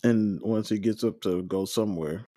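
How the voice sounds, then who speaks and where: A man talks through an episode recap in an easygoing, meandering way, tossing in fillers as he goes. His voice sits on the lower side and sounds warm and mellow. It's recorded close and dry, with no room sound. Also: moderate pace, no echo. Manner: rambling, loose retelling with fillers. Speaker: podcast host.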